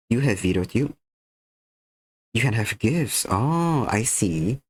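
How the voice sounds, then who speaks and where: A man's voice: medium pitch, breathy edge, no room sound. A tired man chatting to viewers during an art stream, a little sick, drowsy and slurring slightly. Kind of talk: casual stream chat while drawing.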